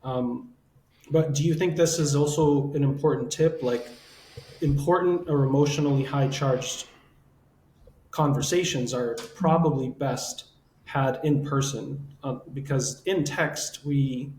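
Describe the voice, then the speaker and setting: A man hosting a podcast, a counselor explaining relationship advice in a reflective, measured way. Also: mid-range voice, a little mellow, slight background noise. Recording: echoey room with faint ambience.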